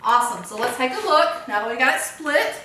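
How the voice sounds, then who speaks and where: A woman's voice: fairly high pitch, animated, brisk, bright, forceful tone, distant mic, slight background noise. Cheerful woman teaching children in an echoey room. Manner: cheerful, encouraging, asks and answers own questions. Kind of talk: children's phonics lesson.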